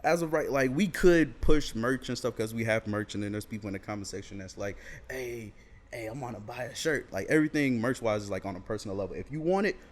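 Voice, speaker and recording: A man's voice: fairly low pitch, quick pace, hardly any pauses. Young man, casual podcast guest, laid-back, faint background noise. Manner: laid-back, animated when quoting friends. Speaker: podcast guest, comedy video creator. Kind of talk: casual chat.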